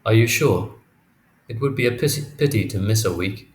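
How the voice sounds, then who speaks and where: A man's voice: lowish voice, moderate pace, natural voice. A man reading a weary, guarded father, terse and wryly polite. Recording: echoey room, faint noise.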